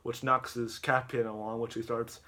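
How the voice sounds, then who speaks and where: A man's voice: medium pitch, flat delivery, moderate pace, pushed and bright. A man casually retelling a comedy video, rambling and stumbling over his words. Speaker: YouTuber.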